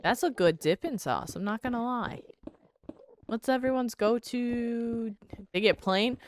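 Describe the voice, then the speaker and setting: A woman's voice: fairly high pitch, unhurried, slight background noise. A young woman streamer chatting casually with her viewers while gaming, reading their messages aloud and swearing freely.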